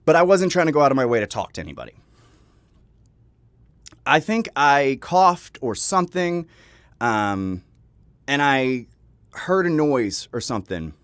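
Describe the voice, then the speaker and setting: A man's voice: medium pitch, very animated, unhurried, long pauses, a bit bright, smooth, dry recording. A young man telling a personal story in a casual vlog, rambling with frequent laughs and restarts, swearing now and then. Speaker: vlogger. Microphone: home microphone.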